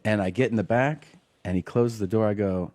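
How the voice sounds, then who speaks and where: A man's voice: fairly low pitch, a little fast, darkish tone, dry recording. A man hosting a podcast who tells funny stories and acts out the voices of the people he quotes. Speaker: podcast host. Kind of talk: casual comedic storytelling.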